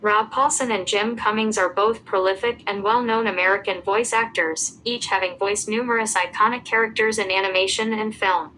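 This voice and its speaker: A woman giving a scripted narration, reading out lists of names and dates at an even pace. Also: mid-range voice, normal speed, few pauses, slight background noise, poor audio.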